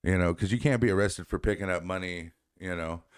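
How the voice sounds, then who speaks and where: A man with a very deep voice co-hosts a casual talk show, rambling and restarting his sentences as he goes. The sound is close and dry, with no room around it. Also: fairly quick, smooth, no echo. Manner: rambling, repeats words, laughs often. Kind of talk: casual chat.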